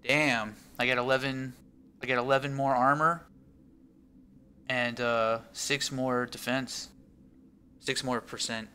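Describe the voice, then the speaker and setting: A man's voice: medium pitch, little pitch movement, takes it slowly, pauses often, bright, forceful tone, smooth. A man developing a game, chatting casually while playtesting it, thinking aloud, laughing often and trailing off with fillers. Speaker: game developer streaming his build.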